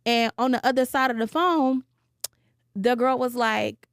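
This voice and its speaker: A woman's voice: on the high side, unhurried, clear, resonant tone, no echo, clean studio sound. Blunt, profane young woman. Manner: blunt and profane, animated retelling with quoted voices. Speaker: podcast guest telling her story. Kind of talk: candid storytelling, casual podcast chat.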